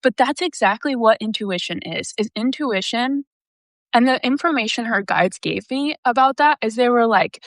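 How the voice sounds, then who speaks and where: A woman's voice: fairly high pitch, normal speed, dry recording. Chatty, swearing woman reader talking to camera. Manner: chatty, swearing, rambling with frequent fillers. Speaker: intuitive reader. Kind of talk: casual monologue to camera.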